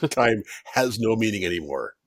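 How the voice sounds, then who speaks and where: A man chatting casually as a podcast guest, rambling and relaxed with lots of fillers. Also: lowish voice, no echo, clean studio sound. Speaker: podcast guest, dungeon master.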